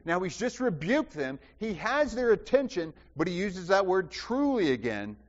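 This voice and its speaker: Preacher guy, kinda high voice that swings up and down a lot, keeps asking the room questions, long echoey hall, dull sound. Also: sing-song, normal speed. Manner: asks the congregation questions, repeats phrases for emphasis. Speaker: pastor. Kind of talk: sermon.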